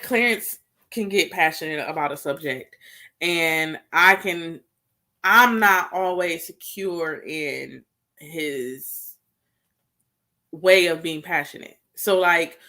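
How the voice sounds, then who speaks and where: A young woman co-hosting a casual chat about marriage, candid and quick to laugh, talking straight to the viewers. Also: on the low side, sharp tone. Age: young adult. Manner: candid, laughs often, talks to viewers as y'all. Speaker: co-host.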